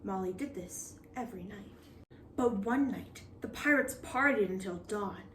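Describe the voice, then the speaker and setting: A woman reading a children's picture book aloud in a lively, expressive storytelling manner. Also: medium pitch, unhurried, distant mic, slight background noise. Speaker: storybook reader. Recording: roomy echo.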